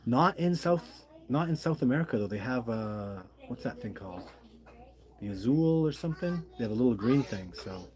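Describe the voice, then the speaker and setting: A man's voice: mid-range voice, expressive, normal speed, darkish tone. A middle-aged man hosting a casual livestream, chatting and reading viewer comments aloud in a friendly, apologetic way. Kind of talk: casual live-stream chat.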